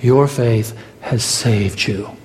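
A man's voice: medium pitch, takes it slowly, a little mellow, a little hiss or hum. A male pastor preaching a sermon, dramatic, his voice climbing as he voices the exchange between Jesus and Peter. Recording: long hall reverb.

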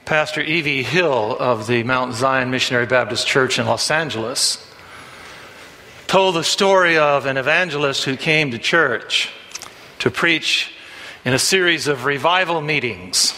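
A man's voice: medium pitch, measured pace, long pauses, sharp tone, long reverb tail, slight background noise. A male pastor preaching a sermon in a church, telling a folksy story with frequent "uh" fillers before turning to scripture.

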